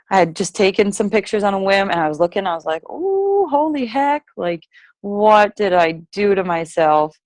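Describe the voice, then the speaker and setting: A woman's voice: deep voice, dry recording. A young woman casually telling her fitness story, chatty, full of "like", acting out her own past words. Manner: chatty, lots of "like", acts out own quotes. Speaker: guest sharing fitness story. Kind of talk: casual personal testimony.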